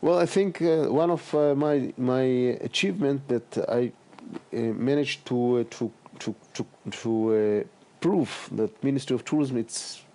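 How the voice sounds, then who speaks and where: A middle-aged man answering interview questions as a politician guest, speaking haltingly with many fillers and repeated words. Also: medium pitch, mellow.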